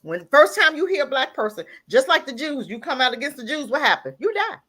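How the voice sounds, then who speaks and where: A woman's voice: very animated, quick pace, sharp tone. A woman calling in to a live talk show, delivering a heated, emphatic rant full of repeated lines. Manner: breaks into laughter and raises voice to near-crying pitch. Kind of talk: impassioned call-in rant.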